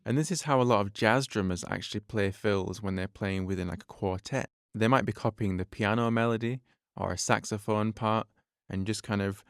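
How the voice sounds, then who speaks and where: Low, smooth-voiced male drum teacher. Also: dry recording, clean studio sound. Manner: patient, step-by-step explaining, counts beats aloud. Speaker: drum teacher and podcast host. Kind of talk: podcast drum lesson.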